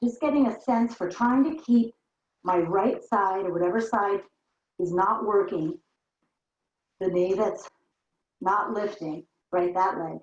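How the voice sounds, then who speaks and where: A barre fitness instructor leads a guided workout, counting reps and talking people through each move while doing it herself, a little out of breath. Her voice is medium-pitched and measured, with frequent pauses, and the recording sounds roomy, dull and lo-fi.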